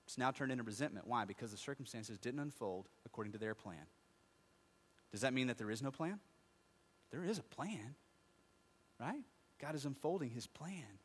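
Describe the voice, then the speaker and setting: In a big, echoing hall, a male pastor preaches, questioning the congregation and supplying his own answers. He has a husky, medium-pitched voice, speaks at a moderate pace with long pauses, and sounds animated as he swings from soft asides to loud, fervent stretches.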